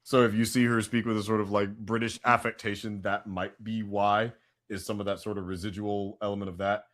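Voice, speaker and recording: Excitable man on a podcast. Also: lowish voice, brisk. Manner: excitable, swings into loud hype bursts. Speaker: podcast co-host. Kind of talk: casual pop-culture chat.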